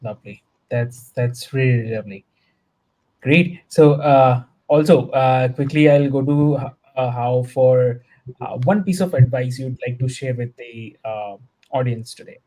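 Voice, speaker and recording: A man's voice: medium pitch, a little slow, mellow, low-quality recording. A man hosting a podcast panel, handing over to the next guest with hesitant fillers. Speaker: podcast host. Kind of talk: moderating a panel.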